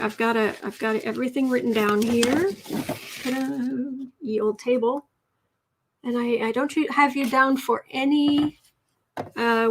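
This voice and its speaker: A woman's voice: a little high, a bit bright. A woman hosting a casual writing livestream, chatting with viewers and reading out comments before a short lesson. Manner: chatty, reads viewer comments aloud, self-correcting. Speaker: livestream host and writing coach.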